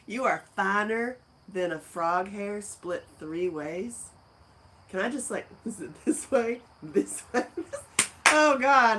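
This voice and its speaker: A woman hosting a casual livestream from a friend's house, rambling and laughing as she talks in a deep morning voice. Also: noisy background. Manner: rambling, chatty, laughs easily. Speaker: livestream host. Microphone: phone camera.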